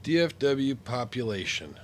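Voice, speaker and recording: A man's voice: mid-range voice, very animated, measured pace, background noise. A man streaming while sick with the flu, his voice congested and nasal, chatting casually and joking as he rambles. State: congested, stuffy nose from flu. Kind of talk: casual chat while gaming.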